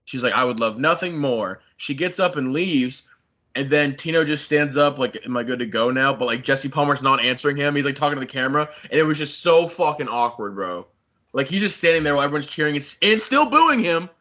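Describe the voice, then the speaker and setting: A man's voice: fairly high pitch, expressive, fairly quick, bright, forceful tone. A young man, a podcast co-host, animatedly retelling a story in casual chat, swearing a lot and saying "like" constantly.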